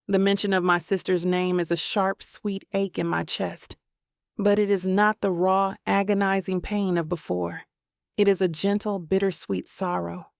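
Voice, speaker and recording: A woman reading a first-person romance audiobook in a measured, even way. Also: medium pitch, vocal fry, no echo, clean studio sound. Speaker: audiobook narrator.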